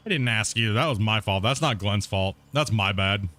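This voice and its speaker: A man's voice: fairly low pitch, expressive, normal speed, sharp tone. A man streaming a game from home, chatting casually with viewers and people in the house, laughing often. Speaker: gaming streamer. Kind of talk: casual live-stream chat.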